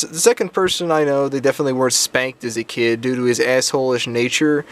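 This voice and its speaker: A young man chats to his viewers in a loose, rambling vlog, swearing freely and stumbling through ums and self-corrections. His voice sits in an ordinary middle register, and he tells stories with crude asides. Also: medium pitch. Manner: profane, rambling, crude jokes; frequent ums and restarts. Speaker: vlogger. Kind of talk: casual storytelling vlog.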